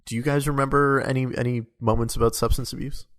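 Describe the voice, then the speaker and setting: A man's voice: mid-range voice, flat delivery, quick pace, a bit bright. A man talking casually about a video game on a podcast, rambling and hesitant with many ums. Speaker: podcast co-host or guest.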